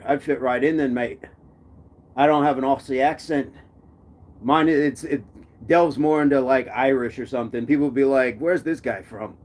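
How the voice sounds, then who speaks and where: A man's voice: a little high, a little mellow. A man from the United States hosting a live stream chat, playful, laughing often and repeating his phrases as he reads comments.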